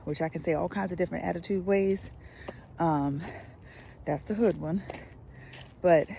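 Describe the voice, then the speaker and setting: Animated woman preacher, gravelly low voice. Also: unhurried, long pauses, slight background noise. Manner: animated, swings from loud emphasis to whispers. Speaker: pastor. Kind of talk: lively devotional teaching.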